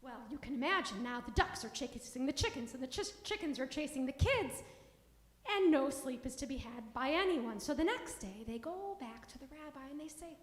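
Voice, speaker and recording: A woman with a high voice tells a children's story at a service, switching into playful character voices. Her voice carries through a large reverberant hall. She keeps it warm and animated for young listeners. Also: moderate pace. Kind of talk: children's story told aloud. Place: synagogue sanctuary. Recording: echoey hall.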